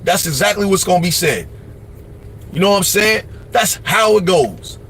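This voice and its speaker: A man hosting a livestream, giving casual life advice in a blunt, profane, preachy way, often mimicking other people in quick asides. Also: sits high, lively intonation, a bit bright, slight background noise. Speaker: livestream host.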